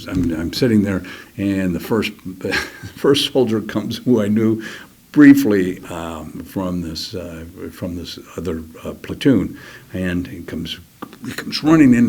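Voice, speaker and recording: An older man telling a personal war story in an interview, halting and restarting, sometimes dropping to a near whisper. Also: low-pitched, animated, darkish tone, husky. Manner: halting, many restarts, drops to a near whisper at key moments; acts out other soldiers' words in quick quoted voices. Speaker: interview guest.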